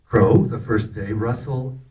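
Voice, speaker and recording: An older actor telling anecdotes to a festival audience in an animated, laughing way, often acting out the lines he quotes. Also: mid-range voice, slow. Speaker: actor telling stories about a film. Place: festival talk in a hall. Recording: voice picked up from a distance.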